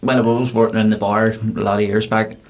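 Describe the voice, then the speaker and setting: A bartender with a Belfast accent telling rambling, animated anecdotes in a casual interview. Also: male voice, lowish voice, fast talker.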